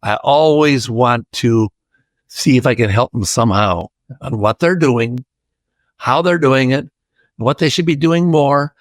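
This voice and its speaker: A man's voice: medium pitch, unhurried, dry recording. An older man from Iowa, a podcast guest, chatting through a rambling personal story and acting out the voices of people he quotes.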